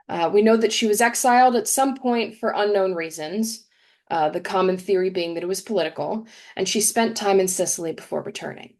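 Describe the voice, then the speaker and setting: A young adult woman giving a prepared talk at a congregation service, explaining things in a measured way and reading verse slowly with emphasis. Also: lowish voice, gravelly, a little mellow. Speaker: guest speaker at a congregation service. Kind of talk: prepared talk read aloud.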